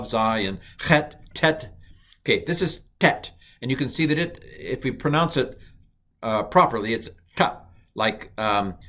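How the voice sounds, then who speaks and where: A man teaching a recorded language lesson, chatty, reciting letters slowly and cracking mild jokes. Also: lowish voice, a bit bright.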